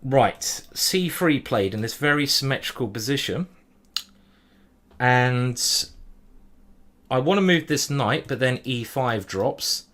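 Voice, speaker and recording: A man's voice: mid-range voice, lively intonation, a bit bright. Man thinking aloud through chess moves. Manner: thinks aloud move by move, hums while pondering; hurried, juggling many boards. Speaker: chess streamer playing a simultaneous display. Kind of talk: live-stream chess commentary.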